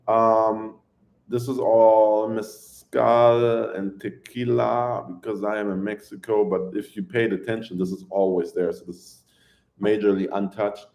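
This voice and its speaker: A man with a lowish voice hosts a relaxed live stream. He rambles, overshares and answers viewers' questions one after another, laughing easily along the way. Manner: excitable, laughs often. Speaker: livestreamer chatting with viewers. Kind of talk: casual live-stream chat.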